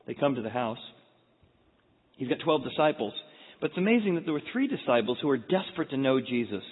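A man preaching a sermon, retelling the scene dramatically and swinging from hushed tones to loud outbursts. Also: medium pitch, big pitch swings, a little fast, slightly rough. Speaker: pastor. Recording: echoey hall over a tinny phone-like line.

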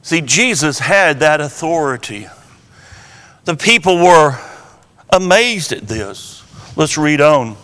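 A high-voiced man preaches expressively, his bright, forceful tone echoing with long reverb through the hall. His Bible teaching is slow and deliberate, with key words repeated for emphasis.

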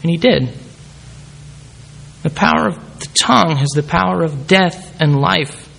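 A male preacher with a voice that sits a little high for a man delivers a sermon. He reads scripture aloud, and his voice climbs when he voices the quoted cries. He calls the congregation to come forward. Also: unhurried, gravelly, a bit bright, a little hiss or hum.

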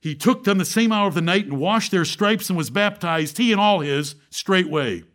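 A man with a high voice preaches a sermon to his assembly. He asks rhetorical questions and quotes scripture. His delivery climbs to fervent peaks, then sinks to a hushed, low tone. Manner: preaches with rising fervor, then drops to a low, quiet tone; rhetorical questions and Bible quotations.

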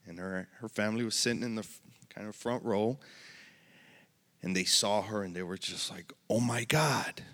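A man with a lowish voice tells his personal story in church, earnest and emotional, halting now and then. His voice rings with a long reverb in a large hall. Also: fairly even intonation, bright, forceful tone. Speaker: church member giving testimony. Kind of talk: personal testimony.

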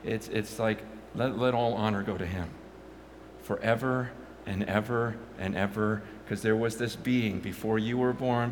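A man preaching a sermon on a stage, telling a story with passion and frequent stammering restarts, at times nearly shouting. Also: on the low side, background noise.

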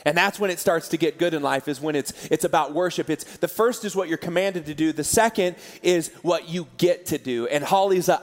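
A man preaching a sermon as pastor, telling stories in an animated way and laughing often. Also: fairly high pitch, fairly quick, hardly any pauses, faint music behind. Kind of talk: sermon storytelling. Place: church auditorium. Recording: large hall with live audience.

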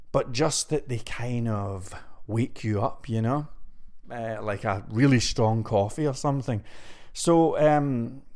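A man's voice: medium pitch, a little mellow. Male vlogger, conversational, winded and rambly, middle-range voice. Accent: non-American English. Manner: chatty and rambling, addresses viewers directly. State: out of breath from pacing. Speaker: web development vlogger. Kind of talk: casual to-camera vlog. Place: indoor room.

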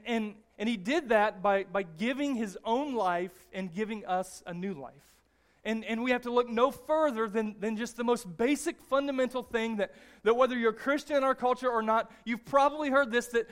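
A man's voice: high-pitched, a bit bright. A male pastor preaching a sermon in a conversational way, restarting phrases often and checking in with tags like "all right?".

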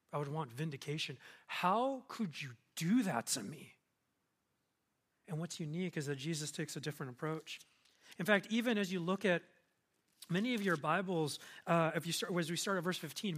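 Man, high-pitched voice, pastor preaching a sermon, earnest, conversational. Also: a bit bright. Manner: conversational and earnest, rising to emphatic.

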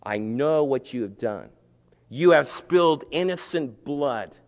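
A man's voice: medium pitch, expressive, takes it slowly, long reverb tail. A man playing a stern, accusing prophet.

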